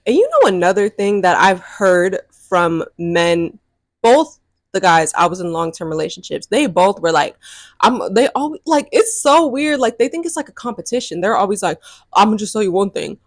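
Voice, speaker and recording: A young adult woman telling a dating story to camera in a sassy, animated way, laughing often and swearing freely. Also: mid-range voice, moderate pace, no echo, studio quality. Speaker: vlogger. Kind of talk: casual storytime chat.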